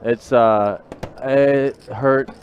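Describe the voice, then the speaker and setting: A man's voice: medium pitch, steady tone, extremely slow, dull audio, slight background noise. A man commentating a live poker stream in casual chat, talking in a glum, repetitive, rueful way. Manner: glum, repetitive, rueful about a sports loss.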